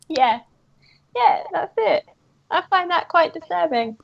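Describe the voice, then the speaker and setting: A woman's voice: extremely high pitch, takes it slowly, creaky. A woman, a guest comic creator, telling casual anecdotes with frequent giggles. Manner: giggly, lively storyteller. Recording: muffled lo-fi audio.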